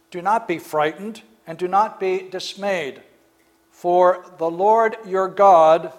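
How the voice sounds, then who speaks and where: A man with a notably high voice delivers a sermon, retelling one story after another in a relaxed, chatty way. He slips into quick acted-out lines for the people in each story. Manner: storytelling, acts out speakers in the stories, fillers. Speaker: preacher.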